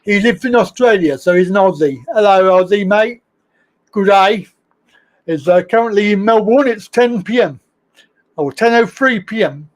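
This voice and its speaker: A man's voice: sits high, lively intonation, moderate pace. A man hosting a casual live stream show, chatty and rambling, greeting viewers and laughing at his own slips. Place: home studio, in Thailand.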